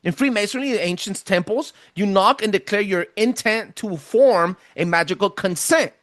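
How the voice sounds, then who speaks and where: With a voice that sits high and sounds a bit bright, this man talks at normal speed while casually presenting ideas on a podcast. Emphatic, he stumbles and restarts along the way and says he has a thick accent. It's a dry, studio-quality recording.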